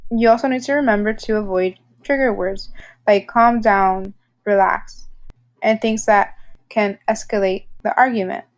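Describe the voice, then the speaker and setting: A woman narrating a healthcare training lesson in a calm, measured, explanatory way. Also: medium pitch. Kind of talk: scripted instructional narration.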